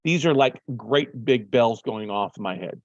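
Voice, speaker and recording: A man's voice: medium pitch, lively intonation, normal speed, no echo, muffled recording. A man hosting a show, telling a story casually and acting out his own phone calls. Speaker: podcast host.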